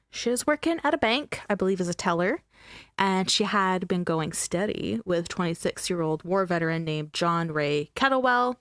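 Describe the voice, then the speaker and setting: A woman's voice: on the low side, fairly bright tone, dry recording. Woman host, chatty and emphatic, telling true crime on a dry close mic. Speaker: podcast host. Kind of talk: casual true-crime storytelling.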